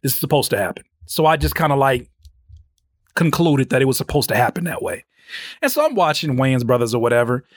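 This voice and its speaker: Animated man in his thirties telling a story. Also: brisk, no room sound, clean studio sound. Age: 30s. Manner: animated storytelling, jumps into high voice when quoting himself. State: sleep-deprived. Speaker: podcast host. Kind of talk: casual solo podcast monologue.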